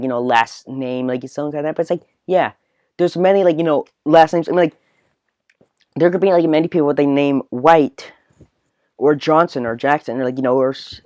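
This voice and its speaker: A man's voice: fairly high pitch, a little mellow, no room sound. A man hosting a solo podcast, ranting in a rambling way full of filler words. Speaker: podcast host. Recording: dull, dry, lo-fi recording.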